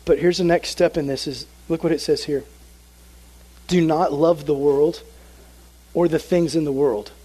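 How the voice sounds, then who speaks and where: A young man preaching to a youth group, telling a story with lively, animated energy. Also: a little high, unhurried, husky, rough recording. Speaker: youth pastor. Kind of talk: sermon with a personal story.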